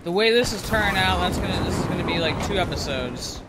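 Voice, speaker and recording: A man's voice: high voice, animated, fast talker, heavy background noise. A young man giving gameplay commentary, ranting and swearing in frustration. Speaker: gamer. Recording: game gunfire under the voice.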